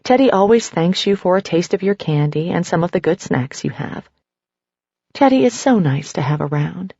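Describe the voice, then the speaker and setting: A woman narrating a scripted story in a slow, measured second-person manner. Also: on the low side, lively intonation, gravelly, dark tone, husky, no room sound, lo-fi sound.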